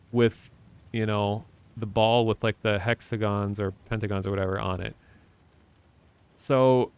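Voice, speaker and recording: Rambling, low-voiced American streamer. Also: male voice, clear, resonant tone. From Minnesota, USA. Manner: rambling, chatty, talks to chat. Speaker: livestreamer. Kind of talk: casual chat while playing games.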